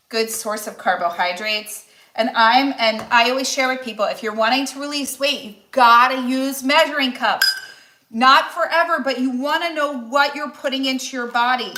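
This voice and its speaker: A woman's voice: fairly high pitch, normal speed, pushed and bright, reverberant, a little hiss or hum. A woman in her forties, a nutritionist and weight loss coach, chatting casually and encouragingly on a cooking livestream with many restarts. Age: 40s.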